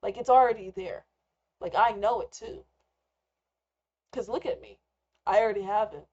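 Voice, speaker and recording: A woman's voice: medium pitch, normal speed, darkish tone. A young woman rambling candidly in an unscripted live rant as a trader, swearing freely. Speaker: trader and vlogger. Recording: slightly muffled lo-fi recording.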